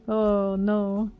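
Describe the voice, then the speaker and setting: A woman's voice: on the high side, a bit bright. A woman streaming a game live, thinking aloud and calling out enemies as they appear. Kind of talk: live gameplay commentary.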